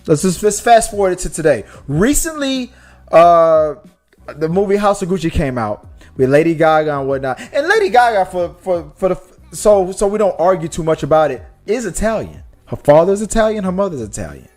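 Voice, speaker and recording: Animated rambling podcast guy. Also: high voice, moderate pace, soft background music. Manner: animated, rambling, many restarts and fillers. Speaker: podcast co-host. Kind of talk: casual movie podcast talk.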